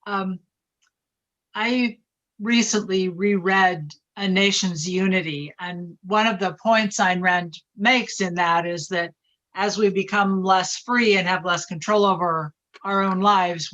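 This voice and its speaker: A woman's voice: mid-range voice, fairly even intonation, slow pace, fairly bright tone, muffled recording. A woman in her sixties speaking earnestly and reflectively in a group discussion. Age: 60s. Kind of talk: conversational discussion.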